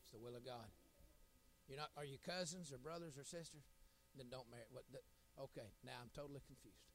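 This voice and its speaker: A middle-aged man, an evangelist preaching a sermon, telling folksy stories and building to loud, shouted appeals. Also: mid-range voice, fairly quick, no echo.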